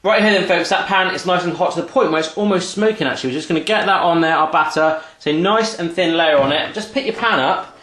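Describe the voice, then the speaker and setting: A man's voice: fairly high pitch, fast talker, fairly bright tone, roomy sound, slight background noise. A man hosting a casual cooking demonstration in his home kitchen, chatty and teasing as he cooks alongside a child. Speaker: cooking show host.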